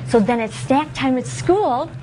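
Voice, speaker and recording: A woman leading an interactive lesson for young children, with an animated sing-song teacher voice that swoops high when she praises them. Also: unhurried, a little hiss or hum. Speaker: visiting presenter teaching children. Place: school room with children.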